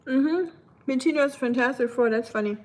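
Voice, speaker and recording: A woman hosting a casual live cooking stream, chatting with viewers in a relaxed way. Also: high voice, a little fast. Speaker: livestream cooking host.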